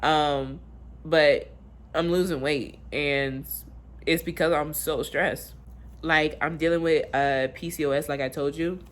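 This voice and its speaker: Low-voiced young woman, candid and emotional. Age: 20s. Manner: candid, rambling, emotional, swears freely. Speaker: vlogger. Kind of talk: casual confessional vlog.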